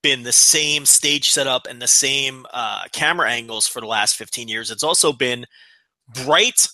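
A man's voice: medium pitch, moderate pace, sharp tone, dry recording. A man co-hosting a podcast in casual chat, wry and emphatic with fillers and swearing. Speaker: podcast co-host.

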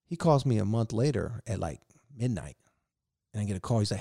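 Profane, animated man telling stories. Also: lowish voice, fast talker, gravelly, no room sound, studio quality. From Virginia. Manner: animated, profane, laughing storyteller. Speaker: guest. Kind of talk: casual storytelling.

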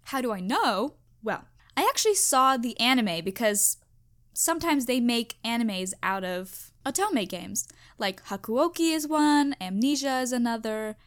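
Animated young woman chatting solo. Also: on the high side, a little slow. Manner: animated, emphatic, self-reflective. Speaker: podcast host. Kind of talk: casual solo chat.

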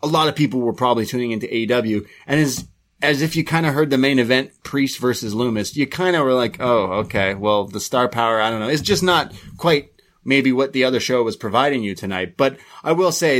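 A man's voice: mid-range voice, lively intonation, quick pace, a bit bright. A man co-hosting a podcast, giving a rambling, casual play-by-play recap with frequent restarts. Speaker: podcast co-host reviewing wrestling.

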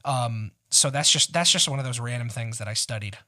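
A man's voice: medium pitch, fairly quick, pushed and bright. A young man who works as an actor and voice actor, chatting as a podcast guest in an eager, enthusiastic way and laughing easily. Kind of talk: casual chat.

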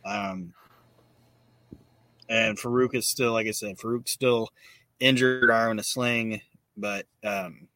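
A man's voice: lowish voice, steady tone, slow pace, pauses often, sharp tone, no room sound. A man hosting a podcast, recapping in casual, profane talk with many fillers. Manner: profane, filler-heavy retelling. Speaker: podcast host.

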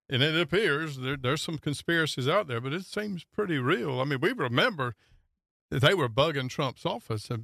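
Panelist, Southern man, halting delivery, dry sound. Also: medium pitch, creaky, a bit bright, dry recording. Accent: Southern American. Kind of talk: talk radio discussion.

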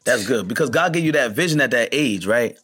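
A man's voice: mid-range voice, lively intonation, a little fast, a bit bright, slightly rough, soft background music. A man cohosting a podcast, encouraging his guest with short affirmations and a preacher-like manner. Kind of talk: casual chat.

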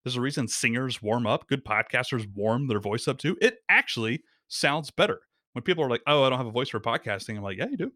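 A man guest on a podcast explains step by step, his voice swinging up and down with energy as he acts out quotes. The mid-pitched voice is recorded close and dry, with no room sound. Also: dry recording. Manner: animated, quick explainer acting out quotes. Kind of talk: casual podcast conversation.

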